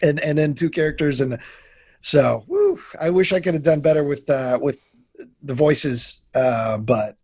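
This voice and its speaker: Guy rambling on a podcast, kinda high voice, keeps restarting and doubting himself. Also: sing-song, measured pace, darkish tone, breathy edge. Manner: rambling and self-critical, with frequent restarts. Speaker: podcast guest, improv actor. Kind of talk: casual chat.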